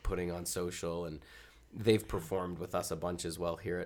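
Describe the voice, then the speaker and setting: Very deep-voiced joking male co-host. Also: steady tone, darkish tone. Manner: jokey, quick banter. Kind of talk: casual interview chat.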